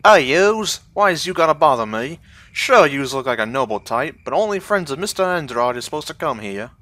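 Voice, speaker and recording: A man voicing a surly, dim-witted male estate guard who talks loud, gruff and ungrammatical. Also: a little high, big pitch swings, a little fast, dry recording, voice pushed up. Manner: gruff, ungrammatical street talk.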